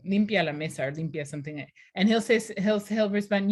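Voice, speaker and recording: A woman's voice: mid-range voice, fairly quick, a little mellow. A woman teacher talking in a conversational, explanatory way during a class discussion over a video call.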